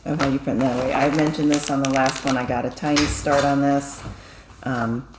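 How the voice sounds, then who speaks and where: A woman's voice: a bass voice, level tone, brisk, background noise. A woman co-hosting a casual craft chat, talkative, with many fillers and restarts. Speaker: co-host. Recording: echoey room.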